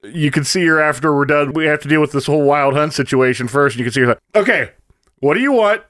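A man with a slightly high voice talks casually about a video game. He retells it in a relaxed, amused way. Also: fast talker. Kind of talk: casual gaming chat.

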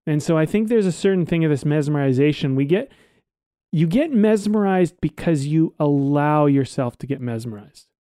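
A man co-hosting a casual podcast, rambling and relaxed, swearing now and then. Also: on the high side, moderate pace, dry recording, clean studio sound. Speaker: podcast co-host.

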